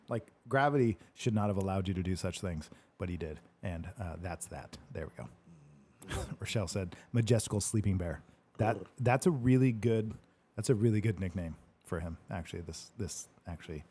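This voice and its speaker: A man's voice: on the low side, normal speed, darkish tone. Laughing, rambling man telling a story. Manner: rambling, laughs often, swears casually. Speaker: host answering live questions. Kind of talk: casual storytelling chat.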